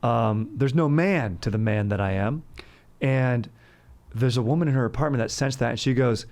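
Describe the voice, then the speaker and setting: Animated jokey man hosting a podcast. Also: medium pitch, normal speed. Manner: animated, jokey, swings into loud bits. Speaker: podcast host. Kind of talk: casual comedic podcast chat with ad reads. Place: Los Angeles.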